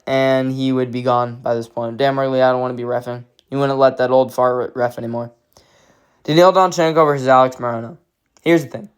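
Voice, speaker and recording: A man's voice: mid-range voice, clear, resonant tone. A man giving a casual fight recap, blunt and profane, rambling through his opinions. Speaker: MMA commentator.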